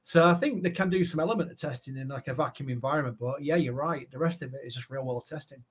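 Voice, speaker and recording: A man co-hosting a live show in casual chat, telling things in a rambling, lively way. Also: medium pitch, fast talker, husky. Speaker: co-host, managing editor.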